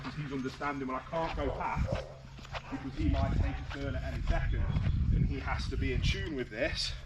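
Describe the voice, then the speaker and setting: A British man working as a dog trainer, explaining his methods while giving firm short commands and high praise to a dog outdoors. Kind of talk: outdoor training demonstration with commentary. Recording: distant outdoor mic with heavy noise.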